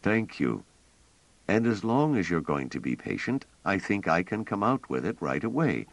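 A man voicing a fussy, gentle elderly male scholar who rambles and talks hesitantly. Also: sits low, big pitch swings, normal speed, dry recording, voice pushed up, low-quality recording. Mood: earnest. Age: older. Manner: hesitant, wordy, polite.

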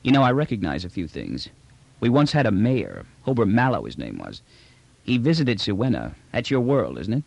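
A man's voice: on the low side, huge pitch swings, moderate pace, creaky, darkish tone, no echo, highs cut off, exaggerated voice. A man doing a brash, blunt space trader. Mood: wry. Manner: blunt, wheedling street talk.

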